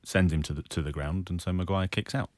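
A man with an extremely deep voice chats casually about football. He ribs the others in a teasing way, and the sound is dry and close. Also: steady tone, brisk, a little mellow, no echo. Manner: playful, teasing banter. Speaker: football pundit. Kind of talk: casual podcast chat.

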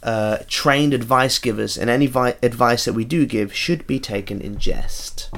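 A man's voice: mid-range voice, normal speed, a bit bright. A man co-hosting a comedy podcast, casually bantering and reading listener letters aloud. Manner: wry, banters, reads out letters. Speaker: podcast co-host.

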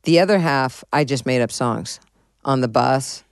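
A middle-aged woman musician tells blunt, swear-laden stories as an interview guest, playing out both sides of old arguments. Her voice comes through smooth and clear, recorded dry and close with no room sound. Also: rumbling low, unhurried, dry recording. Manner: animated, profane, acts out conversations. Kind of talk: candid storytelling in an interview.

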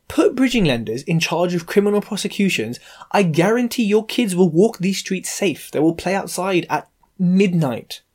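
A man hosting a podcast, ranting in an animated, sarcastic and exasperated way. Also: on the high side. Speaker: podcast host, property investor. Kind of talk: casual ranting monologue.

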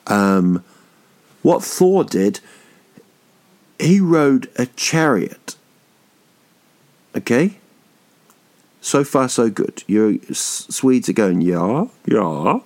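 A man's voice: lowish voice, lively intonation, slow, pauses often, darkish tone. A man in his thirties hosting a podcast, rambling through a jokey, swearing monologue that drifts off topic. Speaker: podcast host.

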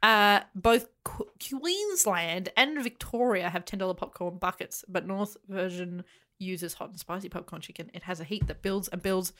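A woman's voice: fairly low pitch, normal speed, fairly bright tone. An Australian woman co-hosting a podcast, chatting casually and reading out listener feedback. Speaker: podcast co-host. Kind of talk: casual chat.

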